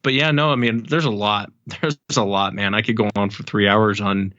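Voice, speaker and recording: A man's voice: fairly low pitch, steady tone, normal speed, a bit bright, no echo, lo-fi sound. A man as a podcast guest, telling stories in a rambling casual way with many ums and restarts. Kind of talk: casual storytelling.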